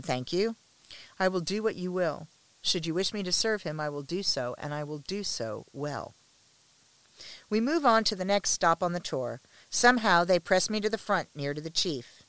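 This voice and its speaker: A woman reading a first-person story aloud with a measured, restrained delivery and tense pauses. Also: fairly low pitch, fairly bright tone, clean tone, dry recording.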